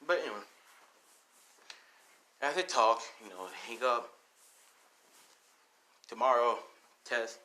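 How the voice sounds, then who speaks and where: A man's voice: medium pitch, animated, takes it slowly, long pauses, pushed and bright, low-quality recording. A young man improvising a fan-fiction story, rambling and repeating "and he's like".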